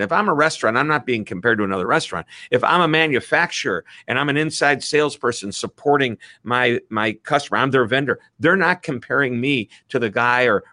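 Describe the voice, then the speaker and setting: A middle-aged man with a Midwestern American accent, an author speaking as an interview guest over a video call, talking with lively enthusiasm. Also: medium pitch, no room sound, clean studio sound. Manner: enthusiastic, animated. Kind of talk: energetic interview talk.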